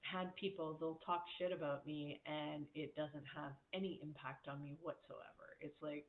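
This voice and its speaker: A woman's voice: sits low, steady tone, moderate pace, a little hiss or hum. A woman life coach giving a casual motivational talk, speaking candidly, laughing often and mimicking voices when she quotes people. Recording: echoey room over a tinny phone-like line.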